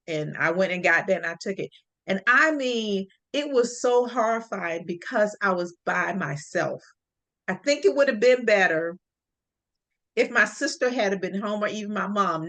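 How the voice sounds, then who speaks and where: Middle-aged female host, bright voice, lively storyteller who acts out her quotes. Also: mid-range voice. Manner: animated, acts out quoted voices, laughs often. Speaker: podcast host sharing a personal story. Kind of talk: casual storytelling chat.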